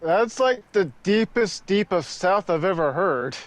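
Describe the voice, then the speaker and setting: A man's voice: sits high, expressive, a little slow, no room sound. A man from South Carolina with a Southern accent, joking around casually with friends on stream. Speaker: co-player friend.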